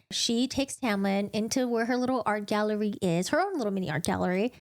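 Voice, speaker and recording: A young woman gives a casual, rambling recap of a novel to her viewers. She giggles often and jumps into playful voices for the characters. Her voice sits a little above the usual pitch for a woman. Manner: chatty, giggly, acts out characters in quick put-on voices. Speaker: book channel host.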